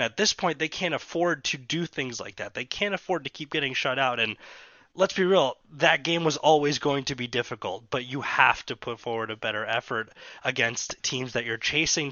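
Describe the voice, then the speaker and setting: A man's voice: medium pitch, pushed and bright, no room sound, dull audio. A man co-hosting a casual sports podcast, talking emphatically and with frustration about his team. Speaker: podcast co-host.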